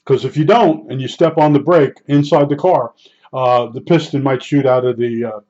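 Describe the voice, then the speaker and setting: An older man telling a casual, halting workshop story, often restarting and searching for words as he recalls details. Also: medium pitch, darkish tone, dull audio. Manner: halting, many restarts and fillers while recalling. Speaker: hobbyist repairing old electronics.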